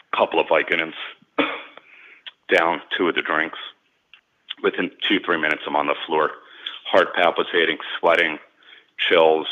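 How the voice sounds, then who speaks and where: Very deep-voiced man telling his story. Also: pushed and bright, dull audio. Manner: earnest, candid, repeats words when emotional. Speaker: sports and celebrity agent, guest. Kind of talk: personal storytelling in an interview.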